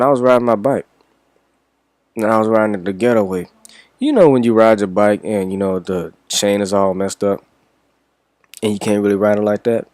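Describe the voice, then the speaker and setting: A young man from Washington, D.C. tells a story in a rambling, laid-back way, swearing freely. His voice sits a little low. The sound is close and dry, with no room echo. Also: darkish tone. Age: young adult. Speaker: reaction vlogger. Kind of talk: casual storytelling.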